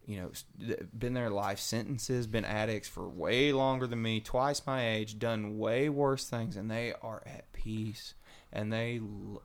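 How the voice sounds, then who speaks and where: A man telling his recovery story in casual, animated talk, acting out the voices of people he quotes. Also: fairly low pitch, unhurried, clean tone. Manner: animated, acts out quoted voices, Southern colloquial.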